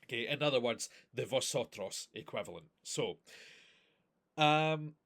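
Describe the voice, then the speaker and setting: Male language teacher, mid-range voice, steady class review. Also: mid-range voice, measured pace. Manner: patient, explaining step by step with frequent "okay?". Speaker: Spanish teacher.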